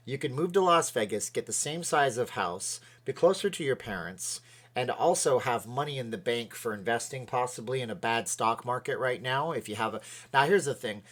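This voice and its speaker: A man's voice: medium pitch, fairly bright tone. A middle-aged man from Canada hosting a casual livestream, rambling and thanking viewers by name as he reads their comments. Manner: rambling, chatty, thanks viewers by name, sways while talking. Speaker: livestream host.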